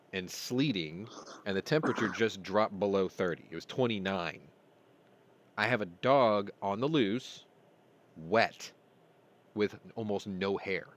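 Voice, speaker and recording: A man hosting a casual chat show, retelling a story with animated bursts and some swearing. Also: fairly low pitch, unhurried, pauses often. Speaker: podcast host.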